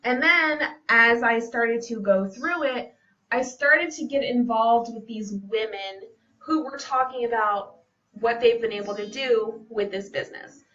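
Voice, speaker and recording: A woman's voice: fairly high pitch, measured pace, sharp tone. A young woman, a fitness business coach, talking to camera at home in an earnest, personal, casual way. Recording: dull, slightly distant home recording.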